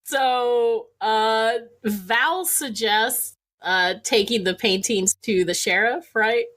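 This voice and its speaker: Giggly woman game master, slow and loose. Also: on the high side, fairly bright tone. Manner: giggly, loose narration with many fillers. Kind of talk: narrating a tabletop game.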